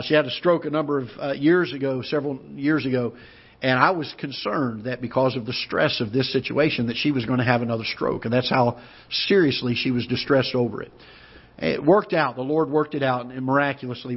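A man in his fifties with a Midwestern American accent, preaching a sermon and telling a personal story in an earnest way, with pauses and restarts. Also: medium pitch. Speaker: pastor. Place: church auditorium. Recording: muffled church broadcast audio.

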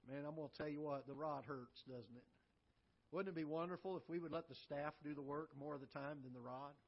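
A man preaching a sermon as pastor, swinging from loud emphatic lines to soft low asides. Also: fairly quick, dull audio. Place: church auditorium.

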